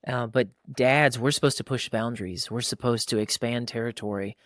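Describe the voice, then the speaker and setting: A man's voice: medium pitch, moderate pace, a bit bright, no echo. Earnest man, dry close sound. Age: adult father of young boys. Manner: earnest, acts out quoted dialogue in a raised voice. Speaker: podcast host and pastor. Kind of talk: casual podcast conversation.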